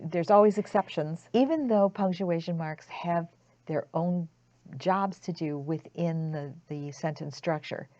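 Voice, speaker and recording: A woman's voice: fairly low pitch, mellow, no room sound. A woman tutor explaining a grammar lesson in a careful way, with frequent restarts. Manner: slow, careful, with repeated restarts. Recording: dull lo-fi dry recording.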